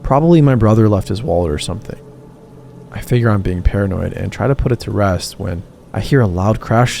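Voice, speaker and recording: Low gravelly guy reading a horror story, music going under it. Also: dark tone, a little hiss or hum. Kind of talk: scripted narration.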